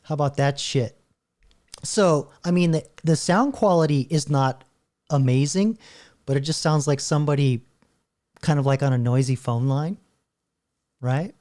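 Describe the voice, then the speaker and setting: Rambling male host, mellow voice, loose commentary. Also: a little high, measured pace, pauses often. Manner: rambling, stop-start, laughing often. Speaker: channel host. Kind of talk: casual commentary while browsing videos.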